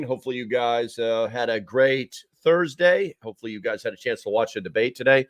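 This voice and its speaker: A man's voice: mid-range voice, fairly quick, no echo, studio quality. A man hosting a casual live stream, rambling with many fillers as he chats with viewers.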